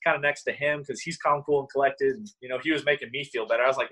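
A young man, a former college baseball player, telling stories in an interview in an animated, excitable way, full of "like" and "you know". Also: mid-range voice, fast talker, hardly any pauses, breathy edge, poor audio. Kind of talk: casual interview storytelling.

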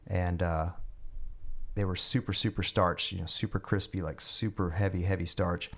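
A man with a fairly low voice spins a long story in a casual podcast interview. He rambles, restarts and leans on fillers, his delivery animated and loose. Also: moderate pace, breathy edge. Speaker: guest musician and army veteran.

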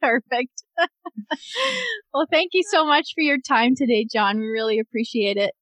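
A woman co-hosting a running podcast, asking quick questions and laughing often. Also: fairly high pitch, lively intonation, a bit bright, no room sound. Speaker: podcast co-host, runner. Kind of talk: casual podcast interview.

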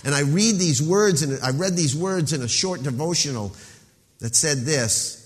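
A man's voice: fairly high pitch, lively intonation. Emphatic preaching man in a reverberant hall. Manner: emphatic preaching, slowing down to stress key words. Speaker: pastor. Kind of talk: sermon.

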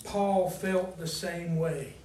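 A man with a high-pitched voice preaches slowly, reading scripture aloud and inviting the congregation to fill in words. He swings from loud emphasis to quiet asides. The recording is roomy, from a distant mic, with faint background noise.

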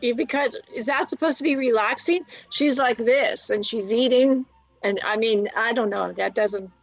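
Woman co-host, bit high, chatty quick reactions, faint music behind. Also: rough recording. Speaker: morning show co-host. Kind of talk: casual chat.

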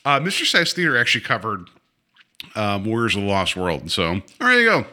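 Man, podcast co-host, lively bright voice, rambling casual chat. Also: on the low side, a little fast. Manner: animated, rambling with many restarts. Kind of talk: casual chat about films.

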